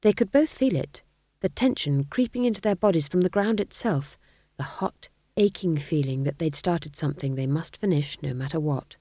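A woman reading a comic fantasy novel aloud as audiobook narrator, wry and measured, close to the mic. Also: low voice, dark tone, dry recording.

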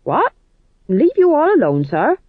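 A man voicing a loud, overeager male sergeant in an audiobook reading. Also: very high voice, huge pitch swings, unhurried, no room sound, narrow, tinny audio, pitched above the performer's own voice, full character voice. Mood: eager. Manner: barking, blunt. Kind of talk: audiobook narration.

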